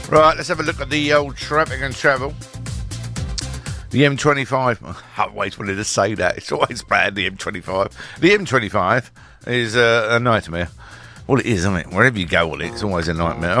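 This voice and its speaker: Chatty man, bright dry voice. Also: medium pitch, no echo. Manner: rambling and jokey, with many fillers. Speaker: radio presenter. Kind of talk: casual radio chat and traffic report. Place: local radio studio.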